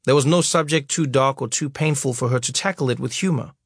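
Man, husky voice, dry close mic, wry memoir narration. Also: mid-range voice, brisk, no echo. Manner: wry, storytelling. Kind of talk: audiobook memoir reading.

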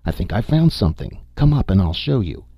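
A man's voice: deep voice, a little fast, vocal fry, no room sound, dull audio, heavily acted. A man voicing an eager, curious male archaeologist in an audiobook. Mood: excited. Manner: eager, excited.

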